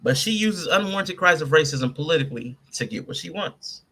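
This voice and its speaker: Bright, higher-voiced male podcast host. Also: a little fast, breathy edge. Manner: animated, breaks down a statement line by line. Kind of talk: casual commentary.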